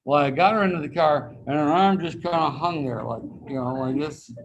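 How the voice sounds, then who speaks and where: A man whose voice sits on the high side speaks a little fast, teaching anatomy over video in an easygoing, folksy way with personal anecdotes and impressions of the people he quotes. The audio is poor, with some hiss or hum.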